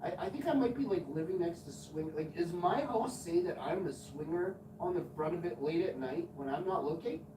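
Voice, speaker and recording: On a live stream, a man in his forties tells crude, rambling stories and swears often. His voice sits on the high side, moving a little fast with few pauses. The recording is noisy and echoey, with him far from the mic.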